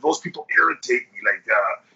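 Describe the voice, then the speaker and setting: Husky man telling a crude story. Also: medium pitch, fairly quick. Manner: animated, profane storyteller acting out quotes. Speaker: podcast host. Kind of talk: casual storytelling chat. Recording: dull lo-fi podcast audio.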